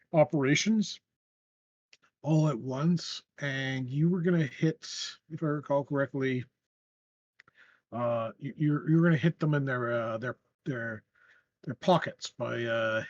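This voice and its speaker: A man's voice: mid-range voice, no room sound, lo-fi sound. A man running a tabletop game as game master, narrating in a rambling way with frequent restarts. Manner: rambling, with many fillers and restarts.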